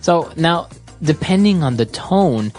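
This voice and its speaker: A woman who teaches English hosts a podcast lesson, steadily explaining phrases and affirming often. She speaks slowly in a low, slightly mellow voice with lively intonation, while faint music plays behind her.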